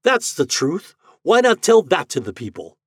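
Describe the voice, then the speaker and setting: Man playing a bitter fed-up male writer, heated outbursts, husky, lively storybook voice. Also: fairly high pitch, moderate pace, no echo, clean studio sound, voice pushed up, heavily acted. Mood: angry.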